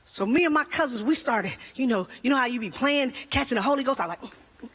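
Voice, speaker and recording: Woman comedian, high voice, husky, animated storytelling, stand-up routine. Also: fast talker.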